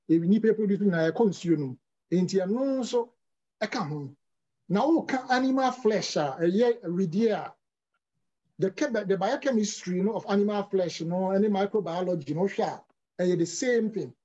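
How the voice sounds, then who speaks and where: High-voiced man explaining health questions. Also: moderate pace, dark tone, highs cut off. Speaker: health speaker answering questions. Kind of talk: explanatory talk with English terms.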